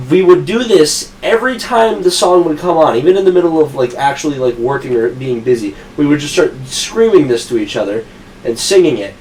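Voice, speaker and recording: A man's voice: medium pitch, darkish tone, recorded from a distance, a little hiss or hum, poor audio. A young man hosting a podcast who tells long, rambling work stories full of swearing and laughs at his own punchlines. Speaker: podcast host. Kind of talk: casual storytelling chat.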